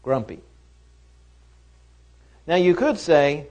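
A man's voice: sits high, very animated, takes it slowly, pauses often, darkish tone. A man teaching a Bible lesson in a conversational way, often asking rhetorical questions.

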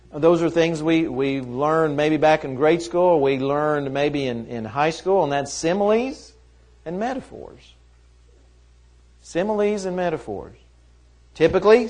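A man's voice: a little high, darkish tone. A man teaching a Bible lesson in a conversational way, often asking rhetorical questions.

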